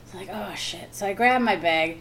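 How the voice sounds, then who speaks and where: A woman comic telling a story in casual talk, animated, laughing often and acting out the voices she quotes. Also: medium pitch, moderate pace, a little hiss or hum. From Wisconsin. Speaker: guest comic.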